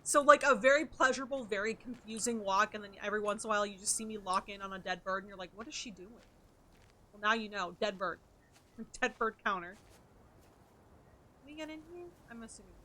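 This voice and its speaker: A woman's voice: medium pitch, a little fast, pushed and bright, slight background noise. A woman streamer chatting playfully with her viewers while playing a game and answering their messages. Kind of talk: casual chat while playing.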